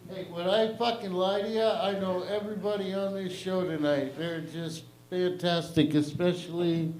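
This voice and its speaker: A man's voice: sits high, steady tone, moderate pace, a little mellow, a little hiss or hum, low-quality recording. A man hosting a comedy open mic, bantering brashly and profanely with self-mocking jokes. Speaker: comedy show host. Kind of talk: stand-up emcee banter. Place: small comedy venue with live audience.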